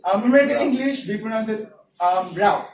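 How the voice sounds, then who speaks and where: Young filipino man, higher voice, hesitant, quizzing the class, echoey room, mic far away. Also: normal speed, a little mellow. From Philippines. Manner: hesitant, many fillers, quizzing the audience. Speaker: student presenter. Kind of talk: classroom presentation.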